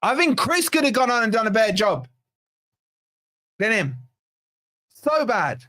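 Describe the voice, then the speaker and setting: A man with a fairly high voice hosts a football reaction stream. He sounds exasperated and sarcastic, rambling through ratings. The sound is dry and close, with no room around it. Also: big pitch swings, unhurried, bright, forceful tone, no room sound. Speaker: fan channel host. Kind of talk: post-match reaction livestream.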